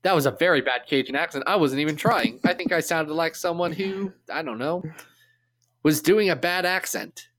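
A man co-hosting a comic book podcast, chatting casually and explaining things with quick asides. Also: a little high, fairly bright tone. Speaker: podcast co-host. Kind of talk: casual chat.

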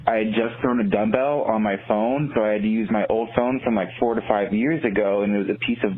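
A man's voice: lowish voice, fairly even intonation, quick pace. Young man telling a story on a voicemail. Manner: casual, rambling with fillers. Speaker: caller. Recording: tinny phone voicemail.

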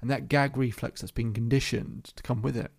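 A man working as a hypnotherapist, calmly recounting a session in a storytelling monologue with slow, repeated phrasing. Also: medium pitch, gravelly, slightly rough.

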